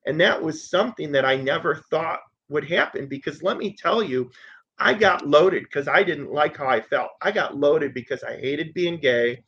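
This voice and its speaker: A man's voice: fairly high pitch, animated, moderate pace, fairly bright tone, slightly rough, lo-fi sound. A man in his thirties giving an earnest, conversational personal share at a recovery meeting, repeating phrases for emphasis.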